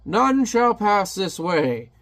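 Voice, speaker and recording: A man voicing a relentless giant knight of hell, proclaiming slowly and heavily while reading a comic aloud. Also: sing-song, vocal fry, fairly bright tone, no echo, full character voice. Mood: menacing. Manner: slow, booming proclamations.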